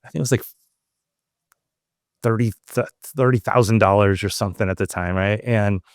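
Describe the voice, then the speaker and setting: A man from Southern California hosting a podcast, telling a story in a casual, animated way and acting out quoted lines. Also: lowish voice, fairly quick, smooth, no room sound, clean studio sound. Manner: animated, acts out quoted dialogue. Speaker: podcast host.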